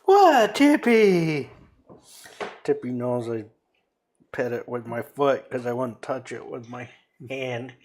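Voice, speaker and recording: A man's voice: medium pitch, flat delivery, measured pace, darkish tone. A man co-hosting a casual whiskey chat at home, joking around and slipping into silly accents. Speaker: co-host of a whiskey show.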